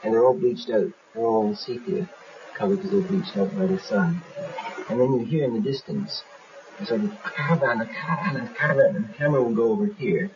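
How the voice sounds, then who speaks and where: A man who works as an animator explains his film in a documentary, lively and acting out scenes as he goes. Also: medium pitch, brisk, creaky. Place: animation studio. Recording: dull 1970s documentary audio with faint hiss.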